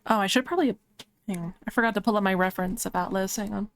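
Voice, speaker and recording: A woman streamer chats casually while she draws on a live stream, rambling with lots of "like" fillers. Her medium-pitched voice races along.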